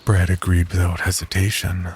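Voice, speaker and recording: A man narrating a horror story in a measured, scripted storytelling manner. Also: deep voice, monotone, slight background noise.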